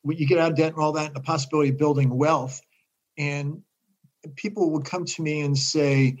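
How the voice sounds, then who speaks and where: An older man telling stories as a guest in a casual interview, animated and acting out the voices of the people he quotes. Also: a little high, fairly quick, low-quality recording.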